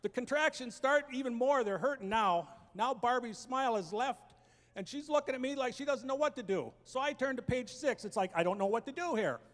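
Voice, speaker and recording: Man, stand-up comedian, very high voice, acts out family voices, shouted punchlines, auditorium stage, reverberant hall. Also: expressive, fairly quick. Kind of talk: stand-up storytelling.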